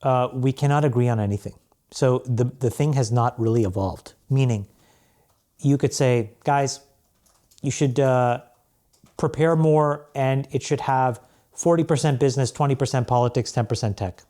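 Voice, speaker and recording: A man talking as a guest on a podcast, telling stories in a relaxed way, with restarts and laughs. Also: mid-range voice, moderate pace. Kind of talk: casual interview chat.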